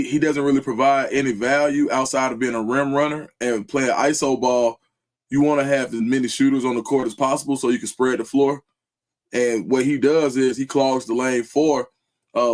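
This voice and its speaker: Brief: calm mid-pitched man giving sports analysis, careful and a little halting. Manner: measured, analytical, with restarts and fillers. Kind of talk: live stream sports talk.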